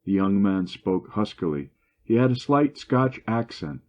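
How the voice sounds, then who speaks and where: A man reading a classic short story aloud in steady, even narration. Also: lowish voice, measured pace. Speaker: story reader. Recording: dull lo-fi recording.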